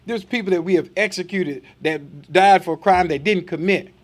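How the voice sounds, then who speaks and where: High-voiced man preaching a sermon. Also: normal speed. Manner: reads scripture then preaches with rhetorical questions; acts out quoted voices in asides.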